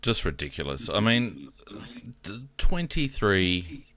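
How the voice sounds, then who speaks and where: A very low-voiced Australian man runs a casual footy chat and gives blunt opinions between plenty of ums and uhs. His voice sits close and dry on the mic, with no room sound at all. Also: very animated, slow, bright, forceful tone, no room sound. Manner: opinionated, hesitant with many fillers. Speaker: podcast host.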